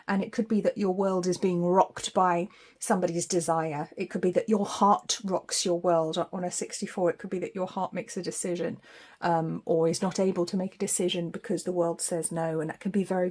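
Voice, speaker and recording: Woman doing a tarot reading, warm soft tone, chatty and giggly. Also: fairly low pitch. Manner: chatty and spiritual, laughs often. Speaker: psychic tarot reader. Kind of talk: weekly tarot forecast monologue.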